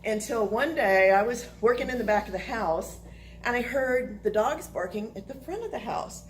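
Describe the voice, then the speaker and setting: A woman telling a personal story to listeners, animated and laughing through the funny parts. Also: on the high side, normal speed, slight background noise, poor audio.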